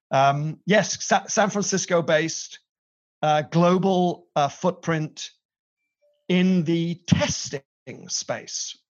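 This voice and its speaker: A middle-aged British man with a British accent, a company CEO telling his career story in an interview, self-deprecating and chatty. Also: a little high. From Britain. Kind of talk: interview conversation. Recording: slightly dull lo-fi sound.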